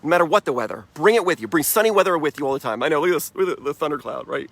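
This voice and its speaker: A middle-aged man delivering an upbeat motivational talk. His voice sits a little high for a man, and he speaks with emphatic energy and frequent laughs. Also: animated, very fast, gravelly, a bit bright.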